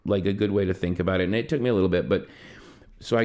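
Guy with a lowish voice rambling through a story, lots of "you know", voice bouncing around. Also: fairly quick. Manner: rambling, many fillers, animated pitch swings. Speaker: podcast co-host. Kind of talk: casual conversational storytelling.

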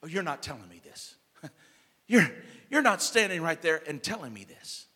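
A man's voice: on the high side, sing-song, moderate pace, bright, forceful tone, husky, long reverb tail, exaggerated voice. A man voicing Joseph as an upright man who is distraught and in disbelief, in a sermon retelling. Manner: anguished, exclaiming.

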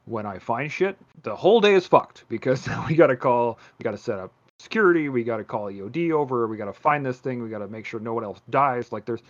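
Male host, casual and profane, tells stories with lots of restarts; average-pitched voice, dull recording. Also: fast, few pauses. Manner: profane, rambling, animated storytelling. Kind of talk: casual chat.

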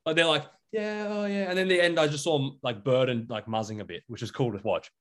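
A man's voice: medium pitch, quick pace, a bit bright. A young Australian man co-hosting a podcast in casual chat, rambling with lots of fillers. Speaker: podcast co-host.

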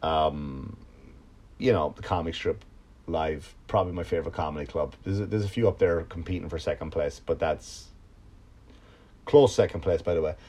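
A man, a comedian and podcast host, telling a story in a casual, profane monologue that swings from loud outbursts to low mutters. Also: moderate pace.

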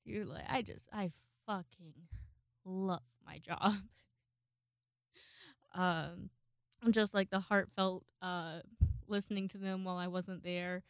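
A young woman talks loosely into a close home mic, hosting her own podcast and rambling from one thought to the next. Her voice is smooth and clear, and the sound is dry, with no room around it. She swears freely and laughs at herself. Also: fairly low pitch, fairly even intonation, takes it slowly, long pauses, no room sound. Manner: rambling, profane and self-deprecating, with frequent laughs and restarts. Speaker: podcast host. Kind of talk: casual solo podcast monologue.

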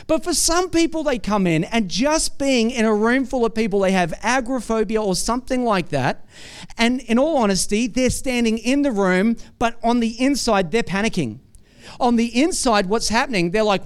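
High, clear-voiced man preaching a sermon. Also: normal speed. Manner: conversational, quizzes the congregation with frequent "right?"; animated storytelling with acted-out asides.

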